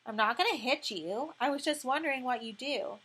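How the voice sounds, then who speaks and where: A woman's voice: high voice, fairly quick, sharp tone, husky, full character voice. Gilly, a woman reading as a brash tough girl. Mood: brash, bossy. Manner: swaggering, blunt, slangy. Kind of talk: audiobook reading.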